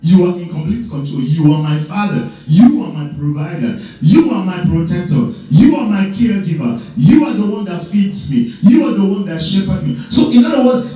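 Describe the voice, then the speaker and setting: Emphatic preaching pastor, echoey hall. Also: male voice, expressive, moderate pace, faint music behind. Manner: emphatic, repetitive, swings from loud to low. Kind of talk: preaching a sermon. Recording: echoey church hall, mic at a distance.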